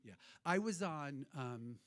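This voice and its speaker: A man's voice: on the high side, lively intonation, takes it slowly, a bit bright, no room sound. A man hosting a cabaret show, talking to the audience in rambling, irreverent stage banter, swearing freely. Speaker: cabaret host and performer. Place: hotel cabaret room.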